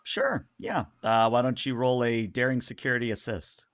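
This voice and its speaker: A man runs a tabletop role-playing session, describing scenes at an unhurried, casual pace. He pauses often with fillers. His middling voice sounds close and dry. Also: medium pitch, no echo. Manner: relaxed, hesitant, many fillers. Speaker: game master. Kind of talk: narrating a tabletop game.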